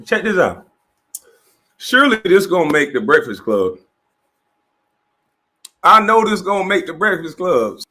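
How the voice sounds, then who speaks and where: A man's voice: sits high, sing-song, measured pace, pauses often, sharp tone. A man in his forties, a former basketball player, ranting in a mocking, profane way, laughing as he talks and acting out the people he quotes. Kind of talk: animated profane rant.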